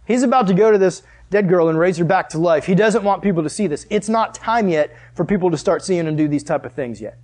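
High-voiced animated preacher man. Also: quick pace, hardly any pauses. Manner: animated storyteller, addresses listeners directly. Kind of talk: conversational sermon.

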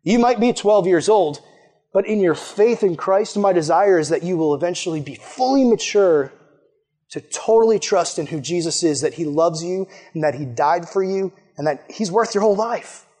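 High-voiced, enthusiastic young-people's preacher man. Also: animated, normal speed, dark tone. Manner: enthusiastic, chatty, peppers speech with "like" and "man". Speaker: youth pastor. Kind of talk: casual sermon to young people.

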